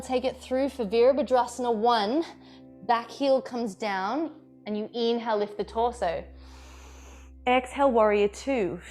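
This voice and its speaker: A woman teaching a vinyasa yoga class, giving calm step-by-step breath and pose cues with encouraging, playful asides. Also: fairly high pitch. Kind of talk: guided yoga class instruction.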